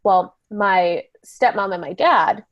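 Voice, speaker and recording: A woman's voice: mid-range voice, slow pace, no echo, muffled recording. A woman guest on a podcast, a business coach who talks candidly and casually about her marriage, laughing often and leaning on fillers like "you know" and "like". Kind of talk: casual conversational interview.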